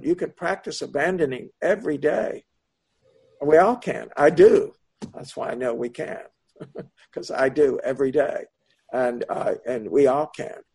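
A man with a husky, slightly breathy voice gives a Buddhist Dharma talk. He speaks slowly and searchingly, circling back over his words as he answers a student's question. His pitch sits at an ordinary middle level for a man. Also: dark tone. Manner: slow, searching, meandering delivery. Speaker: Buddhist meditation teacher.

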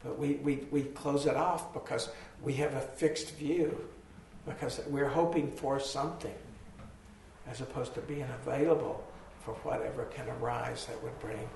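Gravelly, hoarse man teaching meditation. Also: medium pitch, a little mellow. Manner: slow, reflective, pausing. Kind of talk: dharma talk to a group. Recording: echoey hall from far off, faint noise.

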